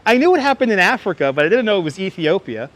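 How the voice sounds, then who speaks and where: A man's voice: sits high, fast talker. Chatty Brooklyn man on a street livestream. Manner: chatty, animated, often thanking viewers by name. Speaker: livestream host. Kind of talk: walking tour livestream, chatting with viewers. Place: city streets outdoors. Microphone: wireless clip-on mic. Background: faint city traffic.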